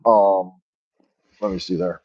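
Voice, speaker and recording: A man's voice: low-pitched, fairly even intonation, slow pace, a little mellow, no echo. A man hosting a livestream, telling an exaggerated, profane story in a rambling way over a wireless earbud mic. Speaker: livestream host. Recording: dull dry earbud mic sound.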